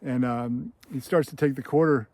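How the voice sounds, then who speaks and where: A man's voice: medium pitch, normal speed, a little mellow, no room sound. A man hosting a screenwriting channel, telling a film scene in casual commentary with an enthusiastic, filler-heavy storytelling manner.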